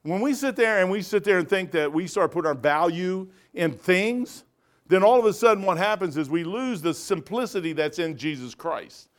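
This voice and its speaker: Male pastor, slightly high voice, emphatic, folksy, Bible study preaching. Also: lively intonation, normal speed.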